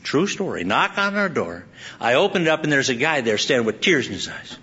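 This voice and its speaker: A man's voice: medium pitch, very animated, fairly quick, sharp tone, breathy edge. A man preaching a sermon, telling a rambling personal story with frequent laughter and restarts. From Southern California. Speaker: pastor. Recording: dull lo-fi sound.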